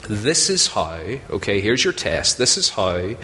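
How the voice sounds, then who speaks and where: A man's voice: on the low side, very animated, a little slow, sharp tone, a little hiss or hum. A man preaching a sermon in a conversational, self-deprecating way, often putting questions to his listeners. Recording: long hall reverb, faint ambience.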